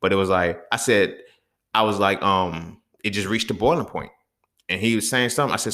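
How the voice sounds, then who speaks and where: A man's voice: on the low side, brisk, a bit bright. A young man hosting a podcast, talking blunt and fired up in a profane, casual monologue. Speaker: podcast host.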